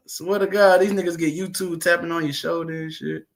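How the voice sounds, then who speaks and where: Higher-voiced man ranting on a livestream. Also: little pitch movement, fairly quick, creaky, a bit bright. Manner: profane, rambling, laughing between remarks. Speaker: livestream host. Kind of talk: casual livestream chat.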